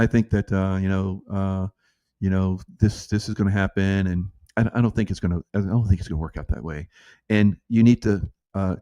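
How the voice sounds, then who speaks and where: Male vlogger, rambling political rant, sarcastic and profane with frequent chuckles, deep-ish voice, dry room. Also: darkish tone, no echo. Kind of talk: rambling off-the-cuff monologue.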